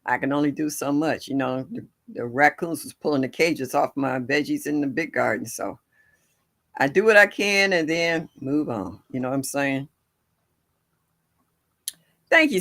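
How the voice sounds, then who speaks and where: Older lady hosting a garden livestream, folksy and chatty, raspy edge, laughs a lot. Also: low-pitched, animated, a little slow, pauses often, a bit bright. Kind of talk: casual chat with live viewers. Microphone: livestream setup.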